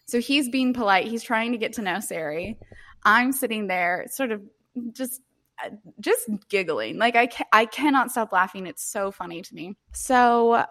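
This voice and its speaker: A woman's voice: a little high, normal speed. A woman in her twenties co-hosting a podcast, telling a story in casual chat with frequent laughter and free swearing. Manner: animated, laughing often, swears freely. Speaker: podcast co-host.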